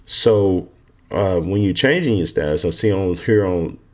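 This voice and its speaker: An online course mentor from Texas walks viewers through a form in a casual screen lesson. His deep, expressive, slightly mellow voice moves at a measured pace, and he sounds confident and emphatic, often repeating himself.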